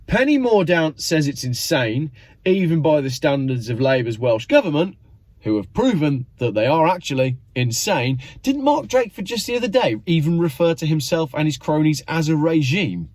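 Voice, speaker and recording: Sardonic man with a lively, swooping voice. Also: on the high side, normal speed, no echo. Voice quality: sardonic, mock-exasperated. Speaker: channel host. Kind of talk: sarcastic commentary vlog.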